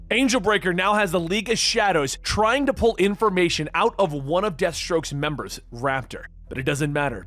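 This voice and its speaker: A man with a fairly high voice narrates a comic book story from start to finish. He reads each character's lines in his own steady delivery, never shifting into a new voice, while faint music plays underneath. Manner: reads every character in the same even voice.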